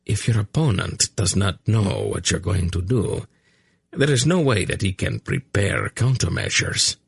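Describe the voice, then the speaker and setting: A male narrator voicing a shrewd middle-aged emperor who talks in a measured, bland way. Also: low voice, very animated, vocal fry, husky, no echo, studio quality, exaggerated voice. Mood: confident. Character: clever bland male emperor, former general.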